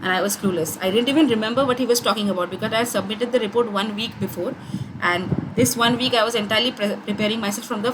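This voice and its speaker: A woman's voice: on the high side, noisy background. A young woman with an Indian English accent, giving an online course tutorial in a conversational way, with many fillers and restarts.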